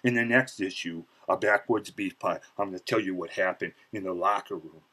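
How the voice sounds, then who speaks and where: A man telling a comic story as a vlogger, boastful and theatrical, his pitch jumping sharply when he gets excited. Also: brisk, husky, poor audio. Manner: boastful, self-mocking, many "you know" fillers.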